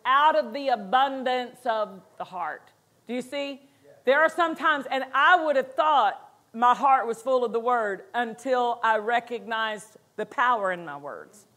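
A woman's voice: on the high side, expressive, unhurried, fairly bright tone. A woman pastor preaching a sermon in a conversational way, acting out quotes and laughing between points.

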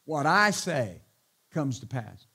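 A man's voice: mid-range voice, sing-song, takes it slowly, creaky, sharp tone, husky. A middle-aged male pastor preaching a sermon, emphatic, often calling out hallelujah and amen, with joking asides to the congregation.

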